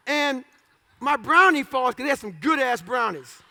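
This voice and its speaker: A man with a strikingly high, gravelly voice tells his story in short, blunt, profane bursts. His delivery is forceful, with sudden loud outbursts. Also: animated, measured pace. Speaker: motivational speaker. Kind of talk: storytelling talk.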